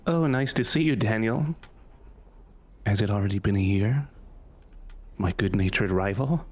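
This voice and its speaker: A man's voice: fairly low pitch, measured pace. A man voicing a sarcastic teenage girl scout who complains about camping. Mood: mocking.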